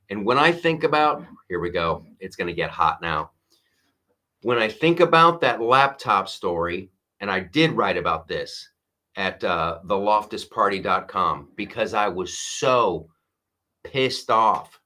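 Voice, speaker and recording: A man with a bright, tense voice hosts a political commentary monologue. He rants with sarcasm and plenty of profanity. He mocks his opponents in put-on voices. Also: lowish voice, animated, unhurried. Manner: mocking mimicry of opponents. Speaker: show host.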